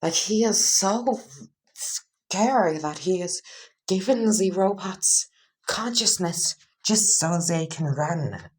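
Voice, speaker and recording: A woman's voice: extremely low pitch, very animated, measured pace, hardly any pauses, darkish tone, heavily acted. A woman voicing an exasperated male hero teacher who rants in disbelief. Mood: incredulous. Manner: incredulous, ranting.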